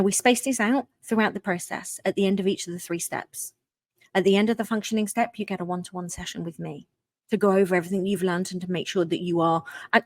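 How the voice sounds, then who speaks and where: A woman coaching parents, pitching her program with gushing, emphatic enthusiasm. Her voice sits in a middle register and is recorded close and dry, with no room sound. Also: darkish tone, dry recording. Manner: enthusiastic and effusive, emphatic bursts.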